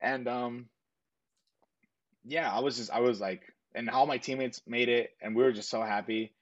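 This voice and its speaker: A man's voice: medium pitch, fairly even intonation, moderate pace, dull audio. A young man telling a personal story in a casual, earnest way, full of fillers and quoted back-and-forth. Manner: earnest, rambling with frequent fillers and self-quotes. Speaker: interviewee.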